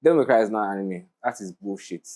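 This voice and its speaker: A man's voice: fairly low pitch, fast, darkish tone. Young man, podcast co-host, opinionated ranting, frequent laughter, casual studio chat.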